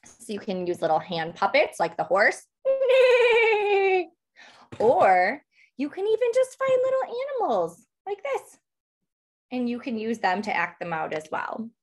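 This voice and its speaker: A woman reading a picture book aloud to toddlers, animated and sing-song, gasping with excitement and asking the children questions. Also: high-pitched, measured pace. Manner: asks the children questions throughout. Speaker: toddler book club reader.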